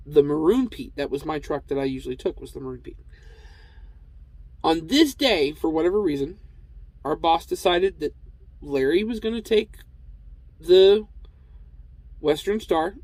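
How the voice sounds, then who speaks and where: A truck driver telling a casual, rambling story, with lots of fillers and restarts. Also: male voice, on the high side, no echo, rough recording.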